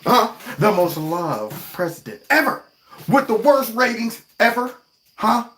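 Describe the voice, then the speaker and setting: A man hosting his own show, reacting to clips in a lively, mocking, slangy way. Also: high voice, measured pace, slight background noise. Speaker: show host. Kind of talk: reaction commentary on video clips.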